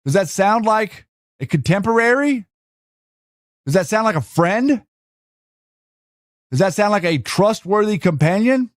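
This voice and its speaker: A man's voice: high-pitched, lively intonation, a little slow, pauses often, no echo, clean studio sound. A man hosting a show, talking casually while screen-sharing, with rambling restarts and rhetorical questions. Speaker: host.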